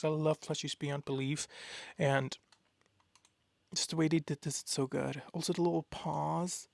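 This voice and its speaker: Young man, gravelly, slightly high, excitable rambling chat, dry close sound. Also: no echo. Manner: excitable, gushing, rambling with many fillers. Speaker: art vlogger. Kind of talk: casual chat.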